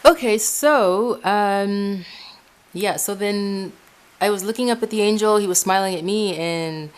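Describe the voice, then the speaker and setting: A woman from Ecuador shares a personal story at home, chatty and animated. She keeps calling her listeners "guys" and often doubles back on her words. Her voice sits at an ordinary middle pitch for a woman. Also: measured pace. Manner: animated storyteller, addresses listeners as "guys", frequent restarts and repeats. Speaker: Christian testimony speaker. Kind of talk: casual spoken personal testimony. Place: indoors at home, in her room.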